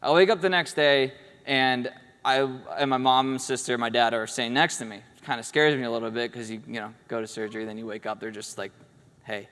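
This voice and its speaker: A man's voice: medium pitch, brisk, a bit bright, smooth. A man giving an award speech, telling a story in a casual, humorous way and acting out the quotes. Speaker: award speaker. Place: event hall stage. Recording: echoey hall.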